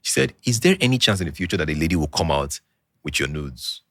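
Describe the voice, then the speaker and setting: A man's voice: rumbling low, quick pace, dry recording, clean studio sound. A young Nigerian man with a Nigerian English accent, a podcast guest telling a personal story in casual chat, acting out the quoted dialogue. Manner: animated storyteller who acts out quoted dialogue.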